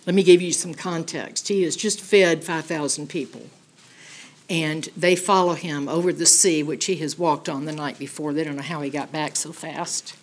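A middle-aged woman teaching a Bible study in an animated, emphatic, conversational way, often checking in with "okay?". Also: deep voice, normal speed, slight background noise.

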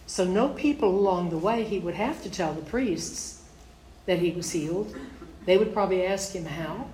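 A woman's voice: on the low side, expressive, moderate pace, warm tone, a little hiss or hum. A woman teaching a Bible study, reading scripture aloud and then explaining it in plain, conversational asides. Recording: echoey room.

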